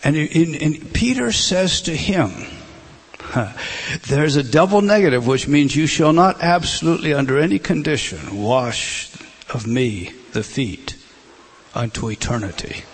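A man preaching a sermon, emphatic, often restarting and repeating words, swinging between loud stresses and hushed asides. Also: fairly high pitch, lively intonation, unhurried, husky.

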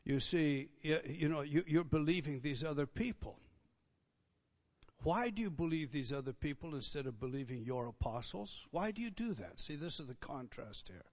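A man's voice: on the high side, lively intonation, normal speed, a little mellow, highs cut off. A man pastor preaching an expository sermon with an emphatic, repetitive cadence and conversational asides.

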